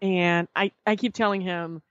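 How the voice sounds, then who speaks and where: A woman guest on a podcast, telling a story in casual chat, animated and swearing freely as she acts out what others said. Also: fairly low pitch, moderate pace, no echo, lo-fi sound.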